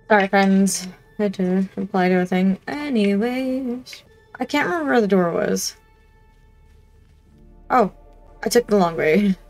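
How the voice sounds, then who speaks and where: A woman's voice: medium pitch, vocal fry, a little mellow. Chatty woman narrating her own gameplay. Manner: chatty, talks to herself, hums and reads aloud; easily startled, laughs at herself. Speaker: gaming channel host. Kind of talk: let's-play commentary.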